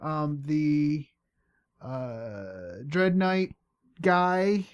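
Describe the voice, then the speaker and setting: Relaxed halting man recapping a game. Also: on the high side, smooth, muffled recording. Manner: relaxed, halting, many fillers. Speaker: podcast host and player. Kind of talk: casual chat recapping a tabletop game.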